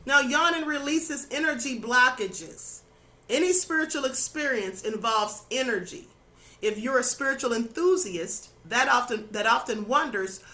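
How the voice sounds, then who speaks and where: A woman with a high, bright voice gives a spiritual lesson in an earnest, instructive way. She checks in with the listener as she goes, and her voice sounds a little worn. She talks as the host of her own channel. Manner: earnest, instructive, adds "okay?" and "you know". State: slightly losing her voice. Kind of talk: spiritual teaching monologue.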